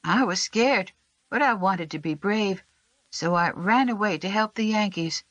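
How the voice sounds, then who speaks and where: A narrator voicing a frightened, sick young boy who speaks weakly in a high, pleading voice. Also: unhurried, fairly bright tone, no echo, dull audio, lightly acted. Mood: earnest. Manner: weak, whispery and pleading.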